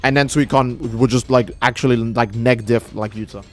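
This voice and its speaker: A man's voice: medium pitch, fairly even intonation, normal speed, soft background music. A young man streaming a game, rambling and joking with profanity in casual commentary. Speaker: gaming streamer.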